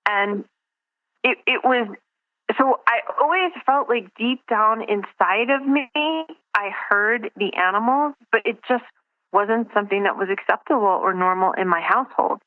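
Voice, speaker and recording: Over a tinny, dry phone line, a woman guest talks reflectively in a casual interview, searching for words and restarting sentences. Her mid-range voice moves a little slowly, with no room sound.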